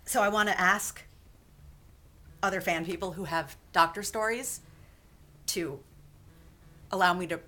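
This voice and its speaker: A woman's voice: lowish voice, measured pace, long pauses, sharp tone. A woman vlogger chatting casually about reading fan fiction aloud, in a chatty, self-deprecating way. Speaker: vlogger and podfic reader. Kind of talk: casual chat.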